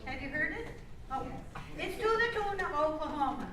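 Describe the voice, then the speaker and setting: A woman's voice: high voice, animated, normal speed. An older woman telling folksy jokes on stage at an amateur variety show, chatty and self-interrupting. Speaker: amateur performer. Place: community hall stage. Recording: echoey hall from far off, faint noise.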